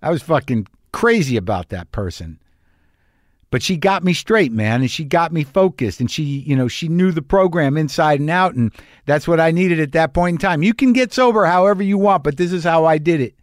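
A man's voice: fairly high pitch, expressive, moderate pace, no room sound, studio quality. A middle-aged male comedian telling a confessional story in a blunt, profane, self-mocking manner.

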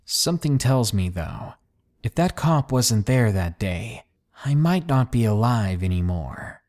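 A man narrating a scary story in a calm, measured, ominous way, then signing off as the channel host. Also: mid-range voice. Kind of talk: scripted narration of a horror story. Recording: faint background music.

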